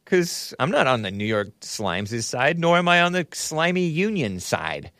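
A man's voice: a little high, very animated, a little slow, a bit bright, no room sound, studio quality. A man hosting a talk show, delivering a sarcastic, rambling monologue full of mocking asides, spelling out names and stumbling over pronunciations. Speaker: host.

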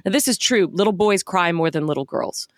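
A woman's voice: lowish voice, lively intonation, a little fast, dry recording, clean studio sound. A woman co-hosting a podcast, talking thoughtfully and sometimes searching for words. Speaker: podcast co-host. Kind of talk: casual chat.

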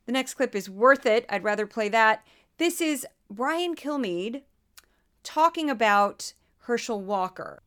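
A woman hosting a podcast, talking in a lively, sarcastic, laughing way. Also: fairly high pitch, measured pace. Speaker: podcast host. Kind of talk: casual commentary.

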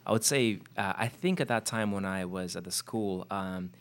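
This podcast host has a low-pitched voice and speaks at normal speed during a laid-back interview. His questions come out loose and filler-heavy, and he livens up once he's telling stories.

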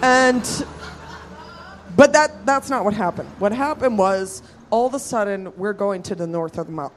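A woman's voice: mid-range voice, slight background noise. A woman telling a rowdy, profane story at a live show, acting out her friends' voices as she goes. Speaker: storyteller guest.

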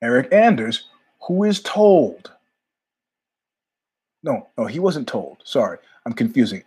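A middle-aged male host with a husky, slightly breathy voice. He talks in a loose, rambling way, jumping from tangent to tangent. His pitch sits in an ordinary middle range. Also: slow pace. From New York. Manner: rambling, animated, jumps between tangents with asides. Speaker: podcast host. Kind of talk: casual monologue storytelling.

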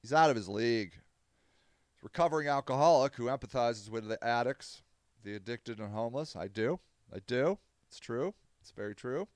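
A man hosting a podcast, reading news articles aloud and ranting about them in a heated, profane way, with sudden loud bursts of anger. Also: medium pitch, expressive, no echo, clean studio sound. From Akron, Ohio. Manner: quick flashes of anger, loud outbursts. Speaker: podcast host.

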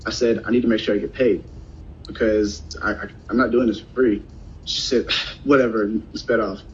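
A man casually telling a personal story in a conversation, animated and acting out what other people said. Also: normal speed. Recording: dull lo-fi sound, faint rumble.

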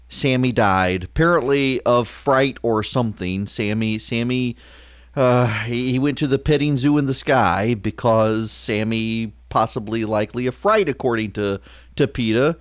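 A man hosting a call-in talk radio show, sarcastic and quick, full of uh fillers. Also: lowish voice, no room sound, clean studio sound.

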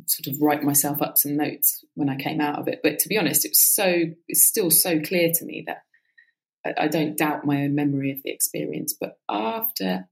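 A woman, maybe in her thirties, speaking as a guest in a relaxed, reflective conversation, with lots of fillers and a casual swear now and then. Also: low voice, normal speed, vocal fry, low-quality recording. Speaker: podcast guest.

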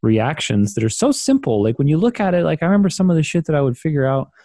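A man's voice: on the high side, big pitch swings, fast talker, dark tone, no room sound. A man hosting a podcast interview, talking in a rambling, reflective way with casual swearing. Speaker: podcast host.

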